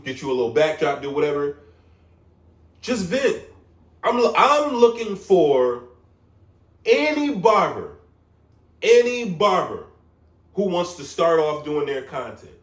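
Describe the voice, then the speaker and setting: A young man with a New York accent, a barber vlogging an animated, profane rant into his phone, repeating "you get what I'm saying". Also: fairly high pitch, reverberant, distant mic. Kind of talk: casual vlog rant. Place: his room at home.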